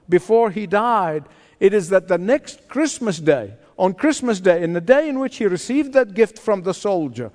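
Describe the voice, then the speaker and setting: Slow, lively-voiced preacher in a reverberant church. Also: male voice, high-pitched. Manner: dramatic storyteller, acting out the voices in his tale. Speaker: pastor. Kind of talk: sermon storytelling. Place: large church sanctuary. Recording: long hall reverb.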